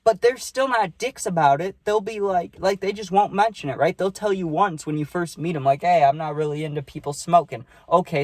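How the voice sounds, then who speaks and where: A young man tells a story in a loose, rambling way and keeps checking in with "right?". His voice sits a little on the high side for a man. The sound is dry and close, with no room echo. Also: a little mellow. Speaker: vlogger. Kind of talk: casual storytime monologue.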